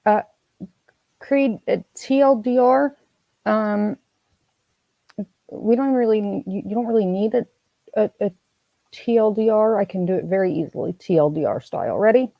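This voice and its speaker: A woman with a gravelly, creaky edge to her voice chats casually on a livestream. She rambles from comment to comment and calls out viewers by name, heard close and dry with no room echo. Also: medium pitch, moderate pace, long pauses, dull audio. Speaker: streamer host reading chat.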